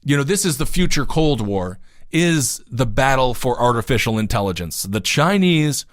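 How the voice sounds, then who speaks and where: A man on a talk podcast mixes news reading with rambling, joking tangents and gets emphatic when something outrages him. His voice sits at a middling pitch. The sound is close and dry, with no room echo. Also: sing-song, moderate pace. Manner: jokey, rambling asides, gets worked up and emphatic. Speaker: podcast co-host. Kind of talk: casual political talk, reading news aloud. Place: home studio in New York City.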